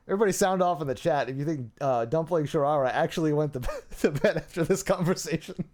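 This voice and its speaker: A man's voice: on the high side, quick pace, few pauses, darkish tone. A man hosting, reading messages aloud with dry, sarcastic, mock-serious commentary. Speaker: host.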